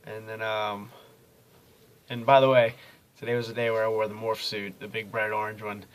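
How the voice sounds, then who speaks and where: A man's voice: lowish voice, flat delivery, moderate pace, slight background noise. A young man telling a casual daily video diary, rambling and easygoing, with lots of ums and uhs. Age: young adult. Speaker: college student vlogger.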